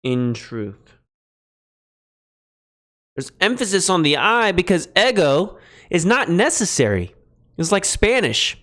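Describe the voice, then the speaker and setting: A man streaming a Greek translation lesson, thinking aloud in a halting way and pausing while he writes notes. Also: sits high, very animated, fairly bright tone. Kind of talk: relaxed live-stream teaching.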